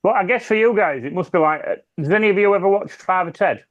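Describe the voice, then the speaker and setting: British man, casual chat, rambling, restarts sentences, fairly high pitch. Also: animated, fast, dull audio. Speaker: podcast panelist.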